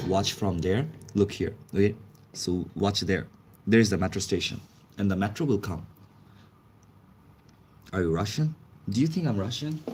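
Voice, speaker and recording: Male streamer, lower-pitched voice, casual halting English, chatty and quick to laugh. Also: darkish tone, slight background noise. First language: Chinese. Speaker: livestream host. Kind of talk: casual livestream chat.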